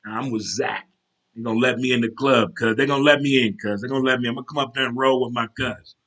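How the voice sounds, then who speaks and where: A man hosting his own casual talk show, animated and chatty, breaking into military cadence chants. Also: mid-range voice, quick pace. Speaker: show host.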